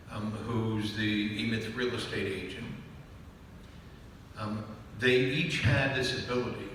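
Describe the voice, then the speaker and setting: Speaking to a live audience in an echoey hall, a male business author with a medium-pitched, fairly bright voice hammers home key phrases and keeps checking in with "do you understand?" The distant mic picks up slight background noise.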